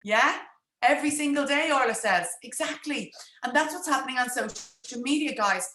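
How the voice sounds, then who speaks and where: A woman coaching viewers on a livestream, her speech quick and chatty as she talks straight to them. Her voice is bright and sharp, pitched a little high, and the room around her echoes noticeably. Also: a little hiss or hum. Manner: fast-talking, chatty, addresses viewers directly. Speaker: business coach. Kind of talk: live-streamed social media coaching talk.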